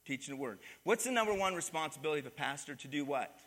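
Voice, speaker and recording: Speaking quickly with lively intonation, a pastor with a fairly bright voice on the high side preaches a sermon in a church sanctuary's large hall. He calls for the congregation to answer him and repeat what he says.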